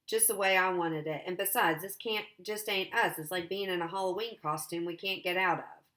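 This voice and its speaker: A woman's voice: lowish voice, fairly quick, bright, forceful tone. A woman voicing a moody fourteen-year-old boy who sounds sullen and upset.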